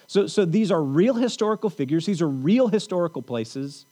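A man with a notably high voice preaching in a church. His delivery is loose and conversational, with frequent check-ins to the congregation and playful joking asides. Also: animated, normal speed, warm tone. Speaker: pastor. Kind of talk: sermon.

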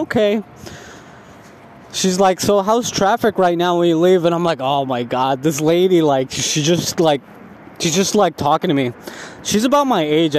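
Young dude rambling a story, swears a lot, laughs at himself, faint traffic noise. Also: male voice, fairly high pitch. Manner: rambling, profane, self-mocking, laughs at himself. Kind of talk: casual storytelling vlog.

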